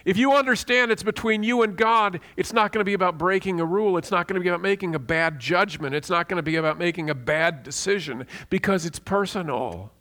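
A man delivers a sermon in an earnest, teaching voice that sits a little higher than most men's. He leans hard on key words and slows right down to stress a repeated phrase. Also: pushed and bright. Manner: earnest, emphatic teaching with slow stressed repetitions. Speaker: preacher.

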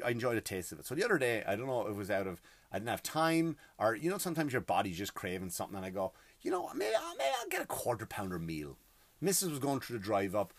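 A middle-aged host ranting about everyday hassles in an exasperated, profane, emphatic way. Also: male voice, mid-range voice, no room sound. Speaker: podcast host. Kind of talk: comedic rant.

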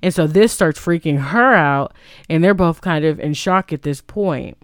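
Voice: medium pitch, moderate pace, clear, resonant tone, no echo, studio quality. A vlogger casually retelling a film plot, rambling and full of "like" and restarts.

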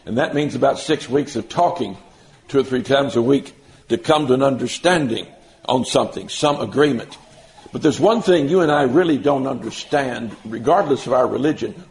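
A man preaching a sermon, stressing key words slowly and mixing in folksy everyday examples. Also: mid-range voice, darkish tone, slight background noise, low-quality recording.

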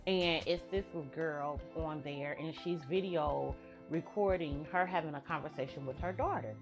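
A woman's voice: deep voice, moderate pace, muffled recording, music in the background. Chatty woman talking to y'all. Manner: chatty, addresses listeners as y'all. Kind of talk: casual monologue.

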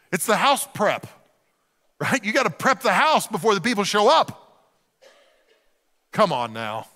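Man, middle-aged pastor, sermon, high pitch, bright tone, humorous storytelling, long hall reverb. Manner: humorous, animated storytelling with acted-out asides.

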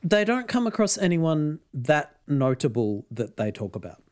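A man's voice: fairly high pitch, big pitch swings, normal speed, a little mellow. A man casually retelling a story as podcast host, with frequent ums and laughs. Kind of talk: casual chat.

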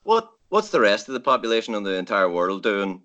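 A man's voice: lowish voice, big pitch swings, fairly quick, fairly bright tone, lo-fi sound, a little hiss or hum. A man chatting casually about memories, in a chatty, incredulous way. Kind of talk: casual chat.

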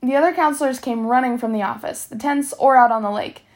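A woman reading a novel aloud, steady, sometimes stumbling and correcting herself. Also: high-pitched, quick pace. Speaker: reader.

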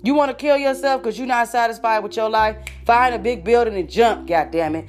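A woman's voice: fairly high pitch, brisk, few pauses, soft background music. A woman delivering a profane, confrontational rant straight at her listeners, swearing constantly and dropping fancy vocabulary words. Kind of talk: profane ranting monologue.

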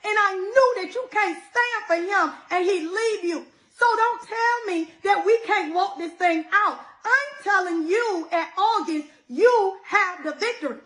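High-voiced woman preaching with feeling. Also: unhurried, hardly any pauses, fairly bright tone, poor audio. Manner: emotional, preachy, addresses listeners as y'all. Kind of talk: sermon.

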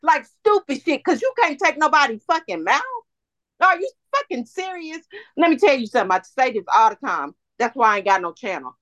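A woman in a fired-up, profanity-laced rant on a chat podcast. Her voice sits a little high and sounds dry and close to the mic. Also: very animated, brisk, fairly bright tone, no echo. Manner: heated profane ranting. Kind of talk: casual chat.

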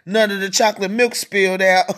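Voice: medium pitch, a bit bright. A podcast host ranting solo, mocking and cursing, who keeps breaking into laughter.

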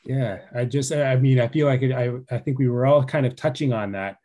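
A man in his forties with a mellow, darker tone tells a story from home in an earnest, conversational way. He often lowers his voice to a soft hush for the tender parts, speaking steadily at an ordinary pitch. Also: fairly quick. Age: 40s. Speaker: guest author and father.

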